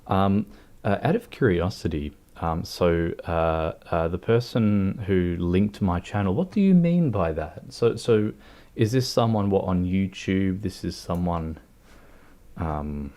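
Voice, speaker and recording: A man chatting casually with his livestream viewers while playing a game, talking in a rambling, halting way. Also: deep voice, a little mellow. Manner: rambling, halting, talks to chat.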